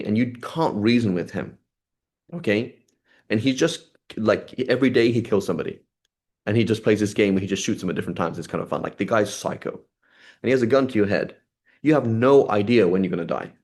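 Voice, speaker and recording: A man with a fairly low voice teaches a religious class. He talks in a loose, conversational way, reads short passages and then explains them plainly, and often checks in with his listeners. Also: darkish tone. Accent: British English. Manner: conversational, asks "right?" often, reads Arabic then paraphrases. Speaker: Islamic studies teacher. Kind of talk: class lecture on a classical text.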